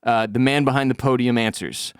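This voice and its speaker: A man hosting a casual podcast, retelling a TV episode in an animated, storytelling way. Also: mid-range voice, brisk, clean tone, no echo, clean studio sound. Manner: animated storytelling, recapping a scene. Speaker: podcast host.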